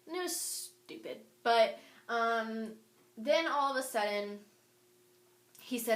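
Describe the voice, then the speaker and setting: A young woman telling a storytime vlog, animated and indignant, reading out old text messages. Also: fairly high pitch, slow pace, long pauses. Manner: animated and indignant, quoting texts aloud. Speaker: vlogger. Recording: echoey room.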